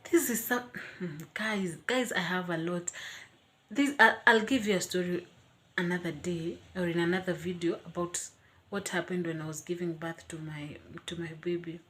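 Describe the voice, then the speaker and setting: A young woman tells a personal story straight to her viewers in a casual vlog. Her voice sits a little low, and she talks in an animated, expressive way, often acting out her own reactions with dramatic questions. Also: moderate pace. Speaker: vlogger.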